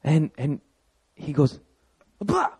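A man in his thirties preaching a sermon as pastor, telling a personal story with animated emphasis. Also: medium pitch, normal speed.

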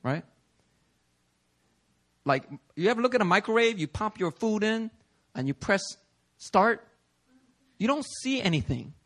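In a church sanctuary, a pastor with a fairly high voice gives an easygoing, conversational sermon. He's animated, checks in with the congregation through little "okay?"s and "right?"s, and acts out other people's voices when quoting them. He speaks at a measured pace with long pauses.

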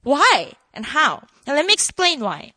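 Animated high-voiced woman preacher. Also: a little slow, no echo. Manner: animated, talks to the congregation with asides. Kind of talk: casual, conversational sermon.

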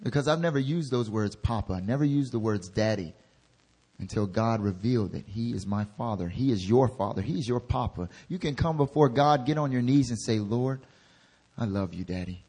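A young man preaching a sermon as an intern pastor. He drops into soft, low asides, then rises into loud exhortations. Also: a little fast, slightly rough.

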